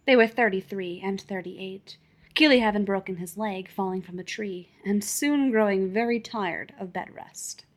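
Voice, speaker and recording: Woman audiobook narrator, calm and measured, mid-pitched. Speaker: fanfiction audiobook reader.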